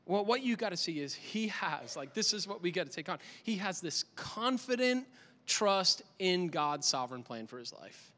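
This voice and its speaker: A male pastor giving an animated, conversational sermon in a church, with lots of repetition for emphasis. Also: high-pitched, normal speed. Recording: long hall reverb.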